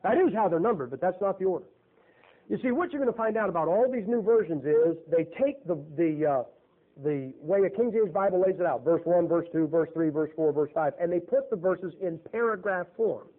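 A man's voice: sits high, expressive, a little fast. A man preaching a folksy, emphatic sermon, throwing rhetorical questions at his audience. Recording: tinny, phone-like sound.

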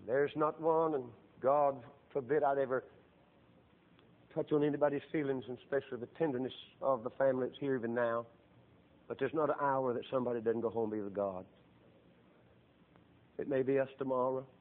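A middle-aged man preaching a sermon, with fervent delivery that swells into loud, drawn-out emphasis. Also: mid-range voice, steady tone. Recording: tinny phone-like lo-fi sound.

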